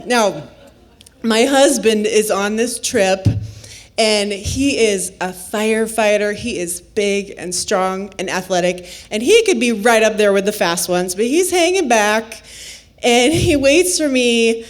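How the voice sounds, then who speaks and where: Slow, playful woman storyteller. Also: mid-range voice. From Nebraska, USA. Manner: unhurried, playful, laughs often. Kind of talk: live personal storytelling.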